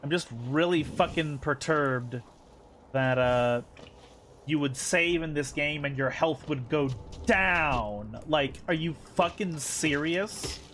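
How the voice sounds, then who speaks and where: A man's voice: fairly high pitch, slow pace, fairly bright tone, a little hiss or hum. A man streaming a game live, thinking aloud, counting under his breath and swearing when annoyed. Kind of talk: live gaming commentary.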